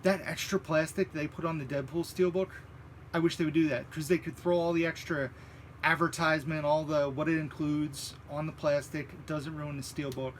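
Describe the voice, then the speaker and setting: A man co-hosting a movie live stream, chatting in a relaxed, hesitant way and reading out viewer questions. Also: a little high, moderate pace, a little hiss or hum.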